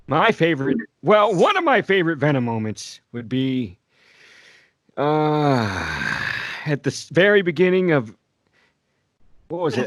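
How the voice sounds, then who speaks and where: A man's voice: a little high, dry recording, clean studio sound. A man putting on an old man voice as a podcast guest, laughing as he tells a story. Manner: laughs through his own story. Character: slow-talking old man voice. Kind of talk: casual podcast chat.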